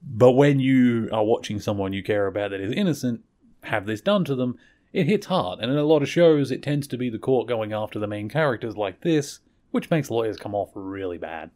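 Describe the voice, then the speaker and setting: A man's voice: medium pitch, animated, brisk, warm tone. A man hosting a podcast, recapping a television episode in a rambling, conversational way and correcting himself as he goes. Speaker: podcast host.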